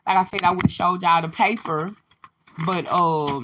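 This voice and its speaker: A woman's voice: fairly low pitch, a little slow, highs cut off, noisy background. A woman talking casually to her livestream viewers, chatty and open, sharing a personal testimony. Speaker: livestream host.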